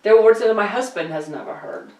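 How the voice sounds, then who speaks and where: A middle-aged woman from Germany hosting a casual chat, telling animated stories and laughing often. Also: mid-range voice, quick pace. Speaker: podcast host. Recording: roomy echo, distant mic.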